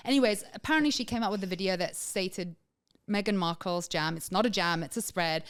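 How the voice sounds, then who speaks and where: A woman hosting a podcast in casual chat, chatty and quick to laugh at her own stories. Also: mid-range voice. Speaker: podcast host.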